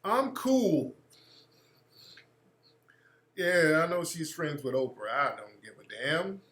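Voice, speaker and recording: A man's voice: a little high, takes it slowly, reverberant. A man hosting a radio show, delivering a blunt, profane political commentary monologue. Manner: blunt, profane, animated ranting.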